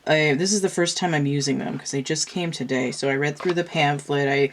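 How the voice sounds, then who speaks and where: A woman's voice: low-pitched, fairly quick, a little hiss or hum. A woman chatting loosely as she lays out oracle cards, rambling with fillers and restarts, a little congested. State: congested from a cold. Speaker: tarot and oracle card reader. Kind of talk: casual chat while doing a card reading.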